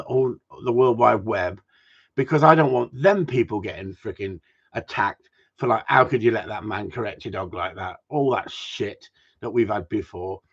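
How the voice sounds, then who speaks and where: A husky-voiced gundog trainer talks casually and tells stories with lots of energy. He swears freely and trips over his own sentence starts. The recording sounds dull and lo-fi. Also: medium pitch. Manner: animated, swears freely, frequent restarts. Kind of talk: casual chat, storytelling.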